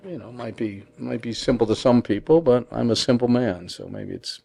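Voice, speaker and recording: A man's voice: medium pitch, moderate pace, vocal fry, warm tone, husky. A man hosting a podcast and chatting in an easygoing, self-deprecating way. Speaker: podcast host. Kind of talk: casual interview chat.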